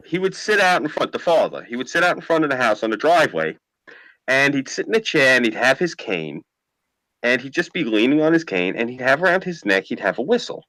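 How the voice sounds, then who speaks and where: A man with a thick New York accent spins profane stories on a livestream. His voice rises and falls a lot, with a bright, pushing edge. The sound is dry and close. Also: medium pitch, dry recording, low-quality recording. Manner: profane, storytelling. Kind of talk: casual livestream chat.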